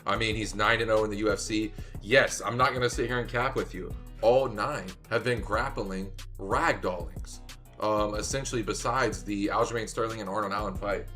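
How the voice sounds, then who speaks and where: A man co-hosting a sports betting talk show, excitable, swearing and shouting as he gets hyped. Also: lowish voice. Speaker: podcast co-host, betting analyst.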